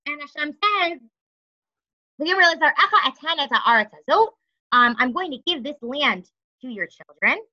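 A woman's voice: high voice, sharp tone, highs cut off. A woman giving a Torah lesson, reading Hebrew verses aloud and explaining them, often restarting and asking rhetorical questions. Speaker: Torah teacher.

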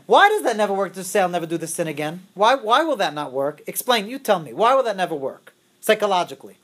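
A woman's voice: mid-range voice, very animated, fast talker. A woman teaching a religious class, quizzing her students and repeating her key phrases over and over.

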